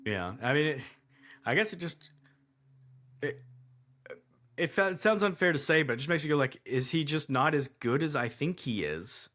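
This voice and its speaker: A man whose voice sits on the high side speaks at normal speed, expressively, with frequent pauses and a slightly bright tone. Co-hosting a casual movie review podcast, he rambles, interrupts his own sentences to start over, and is incredulous at the bad writing.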